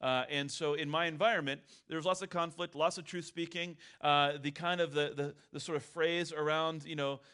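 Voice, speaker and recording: A man's voice: on the high side, fairly even intonation, moderate pace, few pauses, fairly bright tone, clear, resonant tone. Middle-aged guy preaching, chatty and candid, telling stories from his own life. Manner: conversational, candid storytelling. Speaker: pastor. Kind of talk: sermon.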